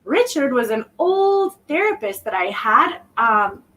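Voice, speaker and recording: High-pitched woman guest, slow reflective storyteller, halting restarts, mic a bit far. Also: big pitch swings, fairly bright tone. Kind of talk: personal story in an interview. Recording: voice distant from the mic.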